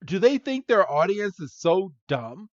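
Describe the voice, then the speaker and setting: A man's voice: high voice, big pitch swings, a little slow, dry recording, lo-fi sound. A man co-hosting a podcast, chatting casually and animatedly, recapping a cartoon with frequent laughs and apologetic asides. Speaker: podcast co-host.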